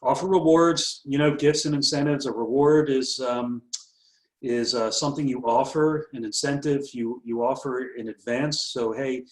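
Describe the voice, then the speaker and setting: A man working as a business coach, giving brisk, upbeat marketing tips. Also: medium pitch, fairly even intonation. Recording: roomy echo.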